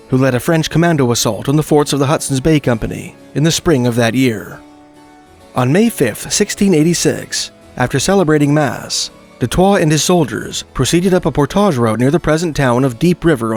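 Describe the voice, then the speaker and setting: A man giving scripted narration of folklore history, reading quoted passages in a measured way. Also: mid-range voice, gravelly. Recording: faint background music.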